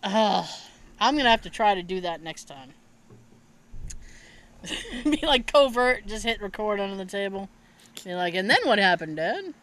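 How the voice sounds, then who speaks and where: A woman hosting a podcast, telling a family story in casual chat, animated and swearing freely with frequent laughter. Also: mid-range voice, measured pace, pauses often. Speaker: podcast host.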